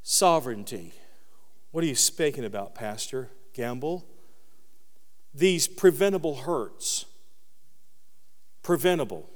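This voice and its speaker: A man preaching a sermon as pastor, dropping low and quiet, then rising into loud, high peaks. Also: expressive, slow pace, long pauses, in a large hall.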